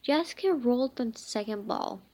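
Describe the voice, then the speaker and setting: A woman reading a children's book aloud, halting often with slips and restarts. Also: on the high side, lively intonation, dark tone. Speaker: reader.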